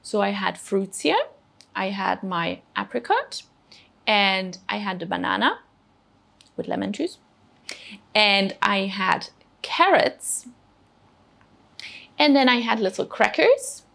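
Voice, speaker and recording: A woman's voice: mid-range voice, expressive, slow pace, creaky, pauses often, fairly bright tone. A woman presenting a children's cooking show, explaining food patiently and encouraging the kids step by step. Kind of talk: teaching children about food.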